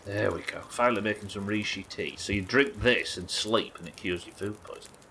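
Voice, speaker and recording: A man's voice: fairly low pitch, fairly quick, pushed and bright, slight background noise. A man chatting loosely while streaming a survival game, rambling, swearing and joking at his own expense. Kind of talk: casual gameplay commentary.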